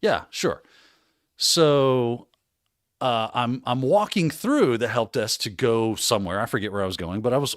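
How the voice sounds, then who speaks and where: Male livestream host, casual storyteller, mid-pitched, very expressive, dry close sound. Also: dry recording. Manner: animated, laughing storyteller who acts out quotes.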